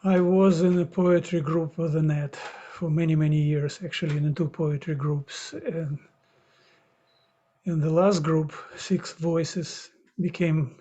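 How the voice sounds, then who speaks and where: A man speaking at a memorial in a slow, measured way, over dull, lo-fi audio. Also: on the high side, steady tone, mellow.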